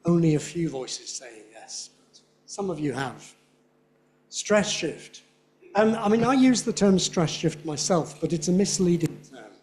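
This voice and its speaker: A man giving a lively conference lecture, often checking in with his audience. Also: a little high, unhurried, a little hiss or hum. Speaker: linguistics lecturer.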